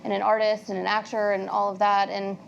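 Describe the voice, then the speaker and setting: Earnest woman with halting speech. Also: mid-range voice, monotone, vocal fry, muffled recording, slight background noise. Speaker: actress. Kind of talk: talk show guest chat.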